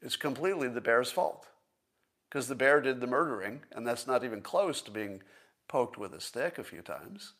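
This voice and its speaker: A man's voice: medium pitch, expressive, moderate pace, fairly bright tone. Man talking through an argument. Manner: conversational, thinks aloud with restarts and small laughs. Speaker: livestream host. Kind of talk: casual political commentary.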